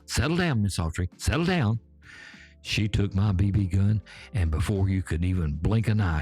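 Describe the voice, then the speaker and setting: A man in his seventies with a Georgia accent telling folksy tales in an unhurried way, talking straight to his listeners. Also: deep voice. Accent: Southern US, Georgia. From Georgia, USA. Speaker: storyteller host. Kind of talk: folksy spoken storytelling. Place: back porch.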